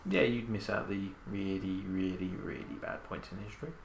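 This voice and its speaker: Low-voiced teasing man in echoey room. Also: normal speed, creaky, background noise. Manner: teasing, dry, crude banter. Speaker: podcast host. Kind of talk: casual chat.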